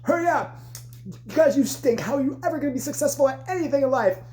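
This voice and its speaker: A woman playing a bossy, cruel middle-aged dance teacher in a shrill, shouting voice. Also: lively intonation, moderate pace, lightly acted. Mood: yelling. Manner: barking orders, mocking and over the top.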